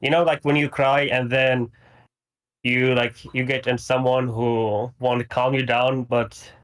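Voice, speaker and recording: A man's voice: medium pitch, little pitch movement, measured pace, fairly bright tone. A man calling into a stream, retelling events in a rambling, hesitant way and laughing often. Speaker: caller. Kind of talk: casual call-in retelling.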